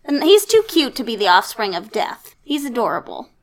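A woman co-hosting a casual podcast, animated and chatty, with many filler "like"s. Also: a little high, moderate pace, a crowd in the background. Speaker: podcast co-host. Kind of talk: casual chat.

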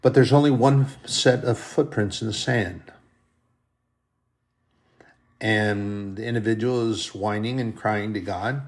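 A man's voice: lowish voice, slow, pauses often. A man preaching a sermon as a pastor, earnest and fond of repeating phrases for emphasis. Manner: earnest, repetitive preaching cadence.

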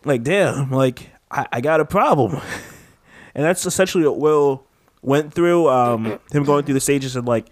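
A man with a fairly high voice speaks a little slowly, sounding clean like a studio with no room sound. Co-hosting a home podcast in a room with a window AC unit, he rambles casually and fills his speech with "like."

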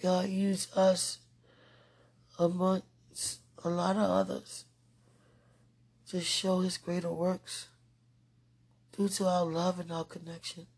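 Slow, husky woman speaking devotionally. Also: on the low side, level tone, a little mellow. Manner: slow, earnest, emotional. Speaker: podcaster. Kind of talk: heartfelt devotional monologue.

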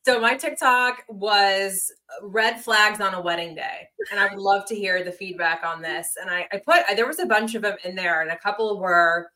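Bright-voiced blunt woman podcast host. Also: medium pitch, normal speed, hardly any pauses, poor audio. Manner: opinionated, blunt, swears. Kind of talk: casual chat.

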